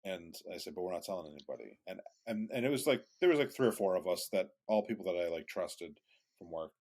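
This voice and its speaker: A man's voice: low-pitched, expressive, fast, darkish tone. A man co-hosting a podcast, telling a rambling casual story with many restarts and some swearing. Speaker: podcast co-host.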